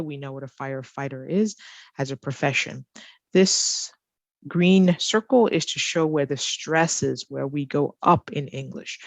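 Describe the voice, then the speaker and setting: A woman ESL teacher explaining grammar and pronunciation, slowly repeating key phrases for learners. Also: low-pitched, no room sound. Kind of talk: slow, careful teaching explanation.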